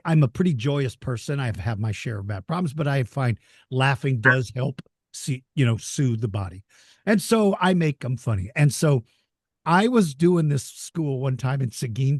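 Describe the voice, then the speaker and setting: A man telling lively stories as an interview guest, laughing easily and acting out excited children. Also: on the high side, no echo, studio quality. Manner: animated storyteller, laughs easily, voices excited kids. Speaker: interview guest, dinosaur educator. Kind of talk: storytelling in a casual interview.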